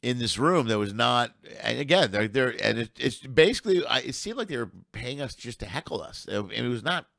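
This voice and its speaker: A man's voice: mid-range voice, expressive, fairly quick, vocal fry, hardly any pauses, fairly bright tone, no room sound, clean studio sound. A middle-aged man who works as a comedian, telling rambling road stories in casual chat and swearing freely. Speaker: comedian guest.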